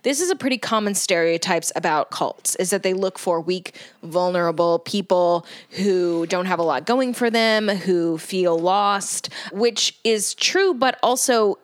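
A woman's voice: lowish voice, measured pace, few pauses, no echo, studio quality. A woman co-hosting a casual podcast, breaking down a TV episode with wry analysis and easy laughter. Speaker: podcast co-host. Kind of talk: casual chat recapping a TV episode.

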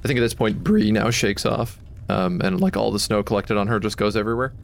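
Gravelly low-voiced man at a tabletop game. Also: steady tone, fairly quick, a little hiss or hum. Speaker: player.

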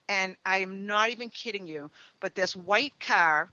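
A middle-aged woman, a trance medium, telling stories in a relaxed interview and often tagging her sentences with "right?" and "you know". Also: mid-range voice, measured pace, no room sound, lo-fi sound. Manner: chatty, leans on "right?" and "you know" tags. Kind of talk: conversational interview storytelling.

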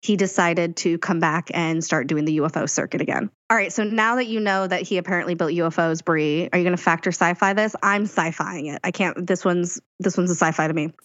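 A woman with a lowish voice co-hosts a podcast in playful, teasing chat. The recording is dry and a little dull, with no room sound. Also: brisk, few pauses, dry recording. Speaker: podcast co-host.

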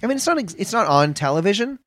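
A man co-hosting a podcast in casual comedic chat, talking deadpan and mock-earnest with halting starts. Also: sits high, slight background noise. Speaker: podcast co-host.

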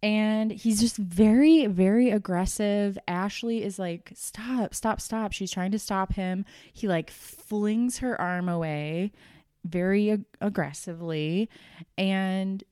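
A woman's voice: mid-range voice, slow pace, dark tone, smooth, no room sound, studio quality. A woman casually recapping reality TV episodes in a gossipy, exasperated way. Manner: gossipy, exasperated storytelling with laughs. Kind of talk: casual chat.

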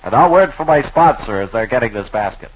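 A man's voice: mid-range voice, lively intonation, quick pace, husky. A man doing mock play-by-play announcing on a 1940s radio comedy, with earnest patter and dry replies. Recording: dull old radio broadcast recording.

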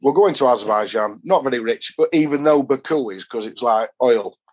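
A husky-voiced middle-aged man with a broad Yorkshire accent spins long, rambling stories from his travels. His pitch sits right in the ordinary middle, and his talk is loose and full of dialect turns. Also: lively intonation, fairly quick, darkish tone. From Doncaster, England. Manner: rambling anecdotes with dialect phrasing. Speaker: podcast guest. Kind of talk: casual storytelling chat.

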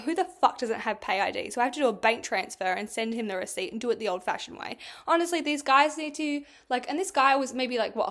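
A young woman hosting a casual solo podcast, telling a story in a chatty, animated way and swearing freely. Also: fairly high pitch. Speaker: podcast host.

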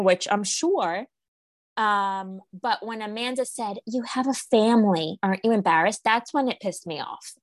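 A young woman with a fairly high voice chats about reality TV in a loose, animated way, leaping up in pitch whenever she imitates someone. The sound is dry and close, with no room echo. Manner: animated, jumps high in pitch when quoting people. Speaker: podcast co-host. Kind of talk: casual chat about reality TV.

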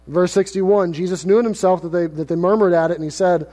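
Male pastor, expressive sermon delivery, high voice, long church reverb. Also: fast, few pauses. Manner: expressive preaching, acts out quoted lines in lively paraphrase.

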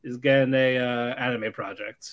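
A man's voice: medium pitch, steady tone, moderate pace, a bit bright. A man co-hosting a podcast, reading out news items and dryly shutting down his partner's jokes. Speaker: podcast co-host. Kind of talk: casual chat.

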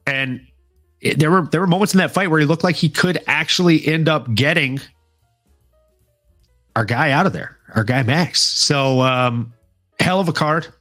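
This podcast co-host, a man whose fairly high voice has a touch of brightness, chats easily over soft background music while co-hosting a fan awards show. His delivery is relaxed, stretched out, and packed with fillers.

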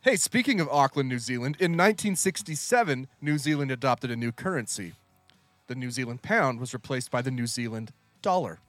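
A man hosting a podcast in casual chat, lively and laughing as he reads out trivia. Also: medium pitch, a little fast, no echo, soft background music. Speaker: podcast host.

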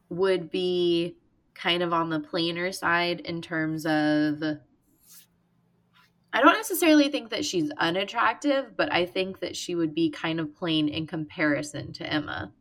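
A woman's voice: on the low side, takes it slowly, sharp tone. A woman co-hosting a casual book discussion podcast, chatty, who likes to quote the book in dramatic voices. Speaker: podcast co-host.

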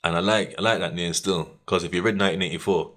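A young man, hosting a podcast and telling a story in slangy, animated casual chat, laughing often and acting out what people said. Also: low-pitched, fast. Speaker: podcast host.

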